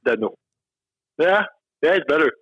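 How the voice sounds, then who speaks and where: A man's voice: fairly low pitch, steady tone, no echo. French-Canadian man on a dull line. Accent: Québécois French. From Quebec. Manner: halting, friendly, many fillers. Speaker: hockey player guest. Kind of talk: remote interview.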